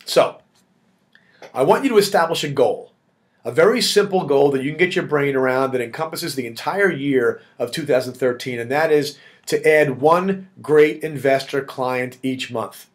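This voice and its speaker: A man's voice: medium pitch, moderate pace. A man leading a real estate network, giving direct, emphatic coaching in a motivational video blog. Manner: direct, emphatic pep talk addressing the audience as "guys".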